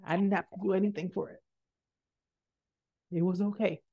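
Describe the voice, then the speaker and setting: A woman hosting a podcast, telling a motivational personal story and acting out the voices in it, jumping high for quotes and dropping to a hush for asides. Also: moderate pace, dull audio. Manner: animated, acts out quotes with big pitch jumps and hushed asides. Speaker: podcast host.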